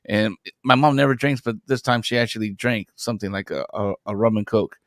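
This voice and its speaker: Young man, guest storyteller, animated and profane, dry close sound. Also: fairly low pitch, a little fast, dry recording. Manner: animated storyteller, swears freely. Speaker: comic book creator guest. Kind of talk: casual chat.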